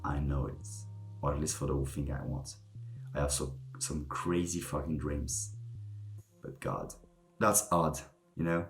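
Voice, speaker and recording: In a flat, measured bass voice, a young man gives a casual, reflective monologue to camera, meandering and frequently hunting for the right word. Faint music plays in an echoey room.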